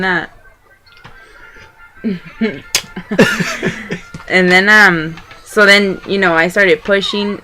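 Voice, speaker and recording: A woman's voice: medium pitch, bright, forceful tone. A young woman vlogger casually telling a personal story, rambling and chatty with lots of fillers and restarts.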